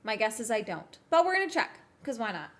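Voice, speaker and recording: A woman's voice: on the high side, sing-song, a little fast, noisy background. A woman streamer in casual chat, ranting with exasperation and swearing, while she is sick.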